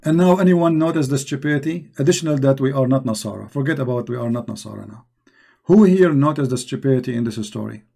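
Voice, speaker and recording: A man's voice: medium pitch, quick pace, gravelly, warm tone. A man hosting a live religious debate stream, mocking and emphatic, repeating rhetorical questions into a computer mic. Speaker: debate show host.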